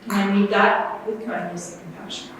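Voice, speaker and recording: Gentle woman presenter, echoey room. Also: mid-range voice, steady tone, recorded from a distance, noisy background. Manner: gentle, unhurried, with fillers and restarts. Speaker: conference presenter. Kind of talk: workshop talk on self-compassion. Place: large conference room. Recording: echoey room, voice off-mic, faint ambience.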